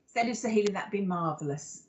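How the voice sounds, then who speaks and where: A woman's voice: mid-range voice, expressive, fairly quick. A woman, a psychic medium hosting a live show, giving a card reading in an affectionate, rambling way full of fillers and endearments.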